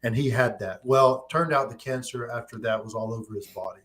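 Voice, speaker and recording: A man in his thirties hosts a casual live-streamed chat. He tells his stories in quick, animated bursts, and his voice sits at an everyday middle pitch. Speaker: host.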